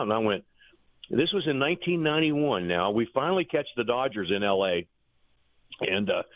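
A man, a former pitching coach, telling folksy, rambling anecdotes in an interview, chuckling as he goes. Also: dry recording. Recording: tinny phone line.

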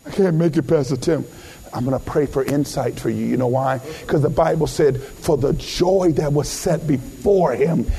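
A man preaching a sermon as pastor, impassioned, rising to shouts and calling out to the congregation. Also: on the high side, normal speed, vocal fry.

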